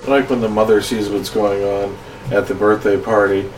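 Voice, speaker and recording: A man's voice: on the low side, little pitch movement, normal speed, roomy sound, far from the mic, faint music behind, rough recording. A man co-hosting a casual movie chat, talking in a laid-back, opinionated way. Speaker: podcast co-host.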